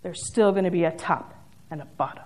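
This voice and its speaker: A woman's voice: on the low side, brisk, a little mellow, natural voice. A woman voicing a proud, indignant older farm woman who rails in self-righteous fury. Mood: furious. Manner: furious, self-righteous outbursts.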